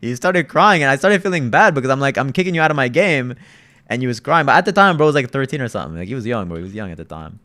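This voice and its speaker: A man's voice: mid-range voice, big pitch swings, very fast, hardly any pauses, pushed and bright. A young man streaming a game with his viewers, chatting loosely, repeating himself and calling everyone "bro". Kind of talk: casual live-stream gaming chat.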